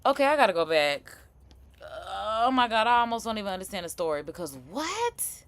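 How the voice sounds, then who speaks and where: A woman's voice: mid-range voice, moderate pace, no echo. Chatty New Orleans woman streamer. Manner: animated, chatty, slangy, laughing asides. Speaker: live-stream host reacting to news. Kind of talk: casual reaction commentary.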